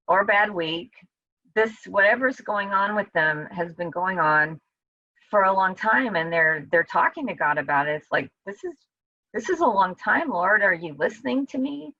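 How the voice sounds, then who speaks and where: A woman teaches a Bible study over a video call in a loose, conversational way, now and then voicing the psalmist's blunt cries. Her voice is bright and sits in a middle pitch. The sound is dry and a little dull, like call audio. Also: slightly rough, no room sound.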